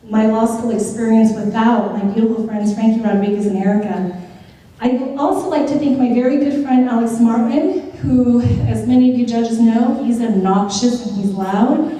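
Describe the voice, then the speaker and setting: A middle-aged woman with a fairly high, mellow voice delivers a grateful speech at a ceremony. She sounds heartfelt, with touches of humor in her stories. The sound is roomy and distant, with a long echo from a big hall. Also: moderate pace. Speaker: newly appointed judge giving a thank-you speech. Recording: echoey hall, picked up from afar.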